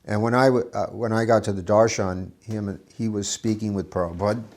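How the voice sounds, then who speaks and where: A man recalling old memories in an interview, talking in a reflective, earnest way with halting restarts. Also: fairly low pitch, fairly even intonation, a little mellow. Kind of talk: reminiscing interview.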